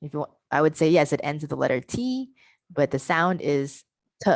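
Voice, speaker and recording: A woman with a low, grounded voice leads a teacher-training workshop over a video call. She breaks words apart sound by sound and keeps asking "right?" to check understanding. The computer-mic sound is dry and close, with no room echo. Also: lively intonation. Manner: explains step by step, modeling sounds slowly and checking in with "right?". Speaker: workshop presenter.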